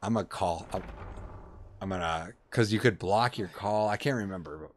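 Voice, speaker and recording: Streamer, middle-aged guy, lowish voice, acts out the voices in his story. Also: moderate pace. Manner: animated, acts out voices, says man a lot. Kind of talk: casual storytelling while streaming a game.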